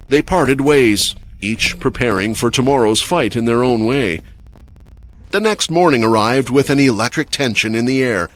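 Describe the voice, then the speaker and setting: A man giving scripted, dramatic story narration for a comic recap. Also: medium pitch.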